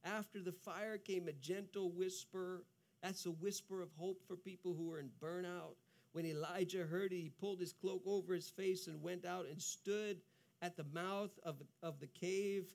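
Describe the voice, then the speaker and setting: A man's voice: sits high, steady tone, moderate pace, gravelly, a little mellow. A man preaching a sermon as a pastor, earnest in tone and often repeating words as he goes.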